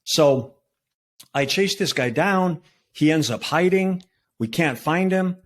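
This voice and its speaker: A man in his sixties, a retired federal agent, telling his story as a podcast guest in relaxed talk with fillers and restarts. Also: fairly high pitch, slow pace. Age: 60s. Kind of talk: conversational storytelling.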